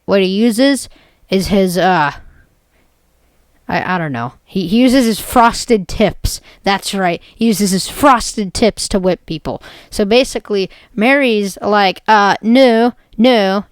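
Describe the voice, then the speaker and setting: A woman's voice: medium pitch, clear, resonant tone, no echo. A woman retelling an absurd made-up story in a rambling, jokey way, full of "basically" and "like". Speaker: video creator.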